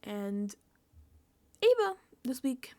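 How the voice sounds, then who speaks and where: A woman giving a casual, emphatic reality-show recap and reaction, talking fast with lots of fillers. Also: on the high side. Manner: animated, emphatic, filler-heavy chatter. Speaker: recap vlogger.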